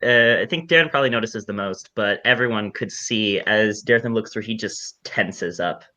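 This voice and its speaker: A man's voice: on the low side, moderate pace, bright, forceful tone. A man playing a tabletop game, describing what his character does in the third person. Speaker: player. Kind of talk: casual tabletop play.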